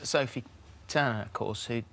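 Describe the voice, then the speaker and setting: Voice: mid-range voice, normal speed, gravelly, crowd noise. A TV presenter in a studio, chatting and asking playful questions in a morning interview.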